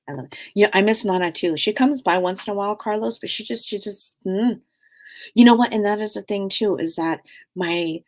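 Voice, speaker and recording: This middle-aged woman hosting a spiritual talk show has a fairly low pitch. Her delivery rambles in a casual way, packed with fillers, and often fades down to a soft hush.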